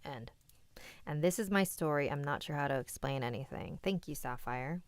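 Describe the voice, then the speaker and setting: A woman's voice: deep voice, lively intonation, normal speed, dry recording. Chatty woman reading scary stories live. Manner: chatty, candid asides to the chat between stories. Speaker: host and story reader.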